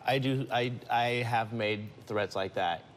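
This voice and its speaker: A man's voice: on the low side, measured pace, a little hiss or hum. A man on a talk show, answering in a hesitant, sheepish way with stammered agreement.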